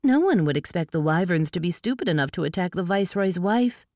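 A woman's voice: lowish voice, expressive, fairly quick, darkish tone, no room sound, clean studio sound. A woman reading the part of a haughty, disdainful female elf courtier in a storybook. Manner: disdainful, chiding.

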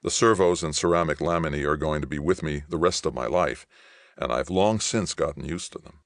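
Easygoing young returning soldier, read by a man, deep gravelly voice, mild. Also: brisk, no room sound, clean studio sound. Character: young male soldier home, friendly and patient.

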